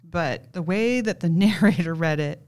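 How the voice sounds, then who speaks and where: A woman's voice: lowish voice, moderate pace, a little mellow. A woman in casual book-club chat, thoughtful and a little self-deprecating. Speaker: book club podcast host.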